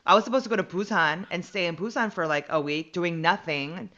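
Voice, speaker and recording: Woman guest rambling thru a story, bright sharp voice, sits kinda low, muffled lo-fi sound. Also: fast talker, hardly any pauses. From United States. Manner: animated, chatty, full of "like" and acted-out quotes. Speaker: podcast guest, comedian. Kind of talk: casual storytelling chat.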